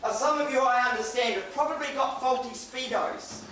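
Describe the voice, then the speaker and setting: A New Zealand preacher delivers a chatty sermon with a strikingly high, bright voice. He stands well back from the microphone in a big echoing church hall. A faint hiss runs under the recording. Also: moderate pace. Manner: conversational, joking asides. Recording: echoey hall, distant mic, faint hiss.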